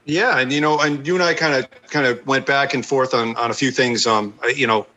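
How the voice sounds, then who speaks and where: A man's voice: medium pitch, fairly even intonation, a little fast, bright, forceful tone, a little hiss or hum, rough recording. A man co-hosting a podcast in casual chat, easygoing and explaining things step by step. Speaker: podcast co-host.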